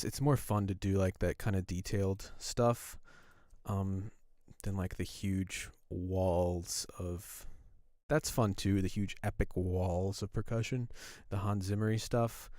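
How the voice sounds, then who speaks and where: A man hosts a live stream and chats casually with his viewers, wandering from one thought to the next. His voice sits low. The sound is dry and close to the mic. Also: darkish tone, dry recording. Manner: chatty, rambling, talks to viewers while browsing. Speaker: livestream host.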